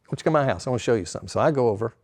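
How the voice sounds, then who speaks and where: Older pastor man telling stories, folksy, acts out the people he quotes, middle pitch. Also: racing. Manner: folksy, animated retelling with quoted dialogue. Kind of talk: storytelling to a live audience.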